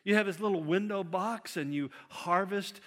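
A man preaching a sermon, with an animated delivery that acts out quotes by shifting his pitch and loudness. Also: normal speed. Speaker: pastor. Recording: long hall reverb.

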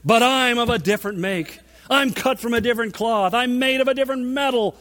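A man preaching, acting out a proud male apostle who loudly insists he will stand firm. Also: very high voice, fairly quick, voice pushed up. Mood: boastful. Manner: loud, emphatic, indignant. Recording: long reverb of a large hall.

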